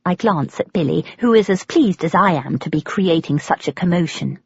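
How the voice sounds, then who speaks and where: Wry English woman narrating lively. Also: on the low side, normal speed, gravelly, breathy edge, no room sound. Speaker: audiobook narrator. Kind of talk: scripted first-person narration. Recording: dull, lo-fi, dry.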